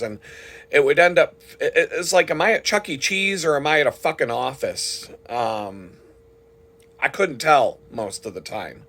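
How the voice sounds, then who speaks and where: A man's voice: mid-range voice, fairly bright tone. Man on a heated, profane rant. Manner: heated and indignant, frequent swearing. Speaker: vlogger. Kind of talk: profane ranting monologue.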